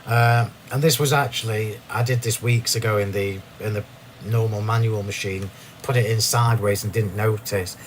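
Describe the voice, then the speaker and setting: A man's voice: lowish voice, fairly even intonation, moderate pace, slight background noise. Chatty man demonstrating crafts. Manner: chatty, self-laughing, restarts sentences. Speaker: craft demo host. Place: home craft room.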